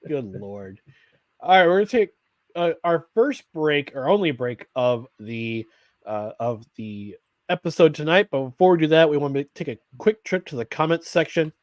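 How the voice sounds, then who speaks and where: A man's voice: on the high side, lively intonation, moderate pace, a little mellow, no room sound. A man co-hosting a live sports talk show, rambling with restarts and reading viewer comments aloud. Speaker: podcast co-host.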